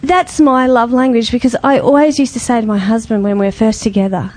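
A woman telling a personal story to a small group in a casual, lively way, laughing often and acting out the voices of the people she quotes. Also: fairly high pitch, a little fast, low-quality recording. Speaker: group member sharing a testimony.

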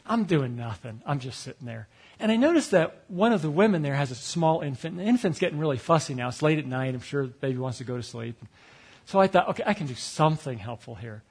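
Man, husky voice, fairly high pitch, humorous storyteller, self-deprecating, acts out his own thoughts. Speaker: speaker telling a personal story. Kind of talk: storytelling talk.

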